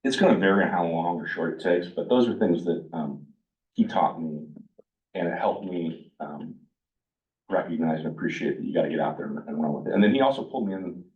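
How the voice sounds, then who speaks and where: A man speaking casually to a workshop group about recovery, blunt and animated, sometimes acting out the things people said to him. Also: low voice, brisk, far from the mic, dull audio. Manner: blunt, animated, acts out his own quoted dialogue. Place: meeting room with a live group.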